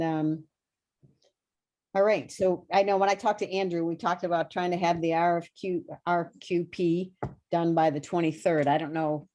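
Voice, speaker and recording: A woman's voice: low voice, dark tone. A woman chairing a committee meeting over a video call, talking hesitantly with many fillers and restarts. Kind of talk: online meeting talk.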